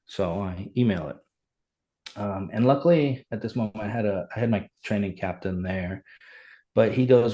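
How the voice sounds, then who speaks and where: A middle-aged man, a fire chief, telling his story in an animated, earnest way as a podcast guest. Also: lowish voice, moderate pace. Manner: animated, earnest, reenacts dialogue. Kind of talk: conversational storytelling.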